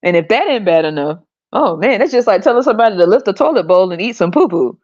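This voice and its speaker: Profane, animated woman podcast host. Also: medium pitch, fast talker, muffled recording. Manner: profane, animated, laughs often. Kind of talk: casual monologue rant.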